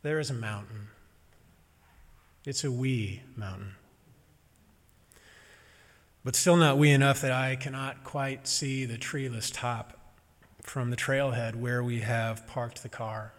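A man preaching a sermon as a minister, gentle and reflective with touches of humor. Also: medium pitch, fairly even intonation, a little slow, long reverb tail.

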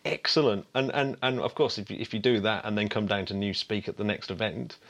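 A man co-hosting a casual podcast in a fairly low voice. He stumbles through repeated restarts but sounds keen and upbeat. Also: steady tone, fairly quick, a bit bright. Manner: stammering restarts, chuckling, enthusiastic. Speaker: podcast co-host. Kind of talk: casual chat.

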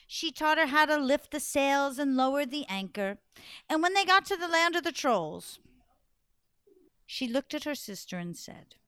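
A woman telling a folk tale to an audience in an expressive, playful way, with dramatic pauses. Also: high voice, dry recording, clean studio sound. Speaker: storyteller. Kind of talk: animated storytelling to an audience.

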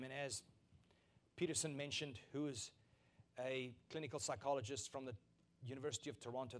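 A man preaching a sermon as pastor, emphatic and repeating key lines, building to loud peaks. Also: medium pitch.

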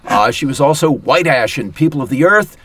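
A man's voice: medium pitch, expressive, fairly quick, a bit bright, slightly rough, no echo. A man hosting a studio podcast in a casual, hesitant way, with chuckles. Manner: hesitant, many fillers and restarts, chuckles. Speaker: podcast host. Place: recording studio.

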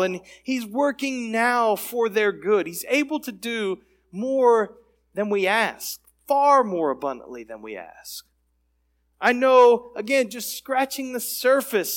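A man preaching from the pulpit in a fairly high voice. He builds his points through emphatic repetition, in a steady sermon cadence. He sounds middle-aged. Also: unhurried. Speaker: pastor.

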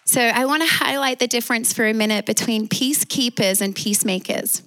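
A woman's voice: a little high, brisk. A woman with an Australian accent preaching a sermon, emphatic, calling out for amens. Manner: warm, emphatic preaching with call-and-response amens.

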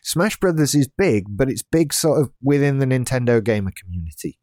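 A man in his late thirties co-hosts a casual podcast, talking in a relaxed, meandering way, often restarting his sentences and adding dry asides about himself. He has a mid-range voice, and the recording is close and dry, with no room sound. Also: mid-range voice, a little fast, dry recording. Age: late 30s. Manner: laid-back, rambling with restarts and self-deprecating asides. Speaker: podcast co-host. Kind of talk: casual chat.

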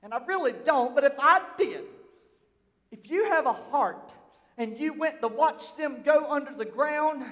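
A man preaching a fervent sermon, swinging between shouting and hushed tones. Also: very high-pitched, lively intonation, measured pace, long reverb tail.

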